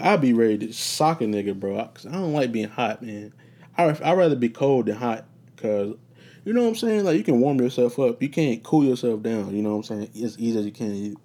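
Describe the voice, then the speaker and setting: A man's voice: mid-range voice, mellow. A man hosting a casual solo podcast from his room, rambling and swearing freely as he tells stories. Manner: rambling, profane, laid-back storytelling. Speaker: podcast host.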